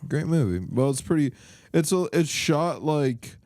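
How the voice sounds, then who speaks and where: A man's voice: a little high, expressive, a little slow, darkish tone, dry recording, studio quality. A young man co-hosting a podcast, chatting casually, rambling through stories and swearing freely. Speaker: podcast co-host. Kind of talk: casual chat.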